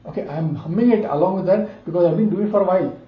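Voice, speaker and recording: A music teacher with a high-pitched voice and quick pace gives a casual ear-training lesson, talking between played notes and humming or singing the intervals back. The recording is roomy and lo-fi, sitting under loud guitar.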